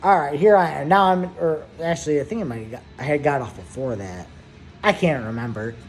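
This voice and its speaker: Casual storyteller, 30s, swears a lot, rambling delivery, mid-pitched voice, hums little asides. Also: a little fast, faint music behind. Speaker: vlogger.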